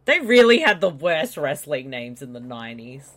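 A podcast co-host trading quick wisecracks and teasing during a casual movie watch-along. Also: mid-range voice, big pitch swings, fairly bright tone.

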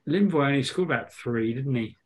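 A man's voice: medium pitch, expressive, a little fast. A man co-hosting a podcast, quizzing his friend in casual banter and laughing often as he thinks aloud. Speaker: podcast co-host. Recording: podcast recorded at home.

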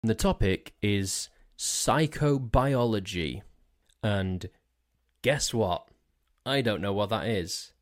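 A man talks alone into a desk mic for his podcast, his voice sitting a touch low. He rambles along in a jokey, self-mocking way and keeps tripping over his own words. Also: slow, soft background music. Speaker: podcast host. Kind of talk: casual solo podcast monologue. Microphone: desk mic on a stand.

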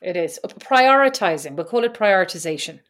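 A woman's voice: lowish voice, lively intonation, brisk. A woman co-hosting a podcast in casual chat, telling stories with a teasing, chatty manner. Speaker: podcast co-host.

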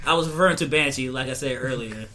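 A man's voice: medium pitch, quick pace, over a noisy crowd. A man co-hosting a casual podcast, enthusiastically explaining comic-book lore at length. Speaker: podcast co-host.

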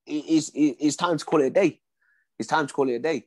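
A man's voice: on the high side, quick pace, a little mellow, no echo. A man, a former boxer telling his story in an interview, acting out dialogue and often saying "you know what I mean".

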